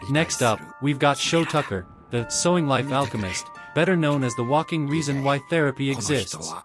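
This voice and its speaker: A man's voice: medium pitch, lively intonation, normal speed. A man narrating scripted comedic commentary in a sarcastic, mocking roast style. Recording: loud music bed behind voice.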